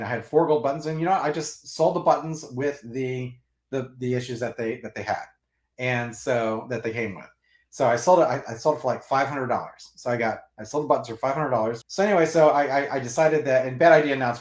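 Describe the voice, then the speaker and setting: A man hosting a comics channel, telling a long story in a casual, animated and rambling way with restarts and laughs. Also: mid-range voice, a little fast. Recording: roomy echo.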